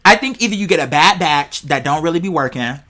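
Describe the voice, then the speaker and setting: Bright-voiced, profane, rambling stoned vlogger. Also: medium pitch, lively intonation, quick pace. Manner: rambling, playful, heavily profane, talks straight to viewers. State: high on cannabis. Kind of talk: casual rambling vlog monologue.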